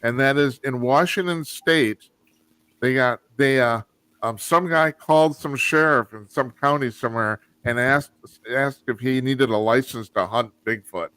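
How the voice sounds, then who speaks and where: A man's voice: medium pitch, measured pace, fairly bright tone, clean tone, no echo. Brief: male talk radio host running a panel; easygoing, stumbles on fillers, dry studio sound. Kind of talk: call-in radio panel chat.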